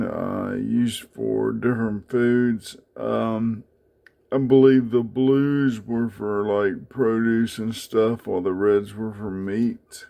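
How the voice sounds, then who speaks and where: A man talks through his coin collection in an unhurried, halting way, with plenty of pauses and fillers. His voice sits low with a gravelly edge, and he speaks very slowly, as in a casual home vlog. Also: steady tone, mellow. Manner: unhurried, many fillers, speaks haltingly while handling items. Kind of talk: casual show-and-tell vlog.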